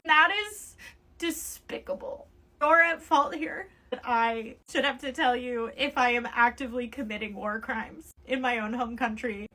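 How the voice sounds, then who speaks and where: A woman's voice: a little high, fairly bright tone. A woman playing a defensive, self-absorbed woman tourist, in a satirical comedy sketch, whiny and flippant.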